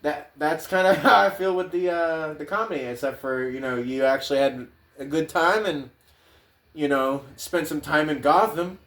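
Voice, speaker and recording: A man's voice: a little high, fairly even intonation, normal speed, a bit bright. A man hosting a podcast, rambling casually with heavy swearing. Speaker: podcast host.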